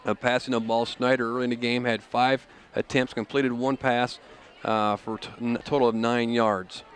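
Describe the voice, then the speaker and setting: A man calling a local high school football game, reading off stats with many pauses and fillers. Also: level tone, slight background noise. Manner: halting, filler-heavy stat reading. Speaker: play-by-play commentator. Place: outdoor football stadium broadcast booth.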